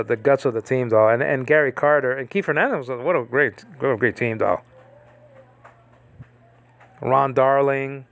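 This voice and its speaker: A man's voice: medium pitch, smooth. A man giving a casual online lesson on biblical Greek letters, rambling and digressive, with many restarts. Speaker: Greek teacher.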